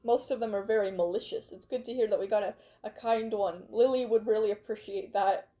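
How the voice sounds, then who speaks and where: A woman's voice: mid-range voice, fairly quick, warm tone, highs cut off. A young woman streamer chatting casually and reading fan stories, bubbly and rambling, easily sidetracked. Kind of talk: casual livestream chat.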